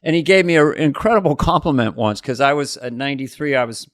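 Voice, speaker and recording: A middle-aged man co-hosting a chat show, spinning anecdotes and jumping into impressions of the people in them. His voice is mid-pitched and the sound is close and dry. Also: fast, dry recording. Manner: animated storyteller who mimics the people he quotes. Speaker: podcast co-host.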